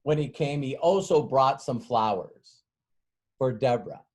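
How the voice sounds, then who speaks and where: His medium-pitched voice is a little mellow, with lively intonation and a slightly slow pace. This middle-aged man delivers an informal sales training talk, spinning a rambling, folksy tale full of laughter and acted-out dialogue.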